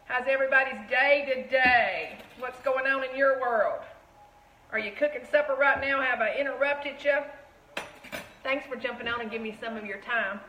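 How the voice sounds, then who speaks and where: A woman's voice: high voice, moderate pace, sharp tone, roomy sound, a little hiss or hum, poor audio. A woman with a Southern accent, chatting casually while she bakes live and greets her viewers. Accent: Southern American. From Tennessee. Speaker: shop owner hosting a live cooking stream. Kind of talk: casual live cooking chat. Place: kitchen.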